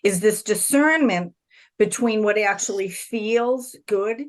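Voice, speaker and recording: A woman's voice: mid-range voice, slow. A woman hosting a spiritual interview over a video call, explaining her views with rhetorical questions in a reflective way. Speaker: podcast host. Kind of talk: conversational interview.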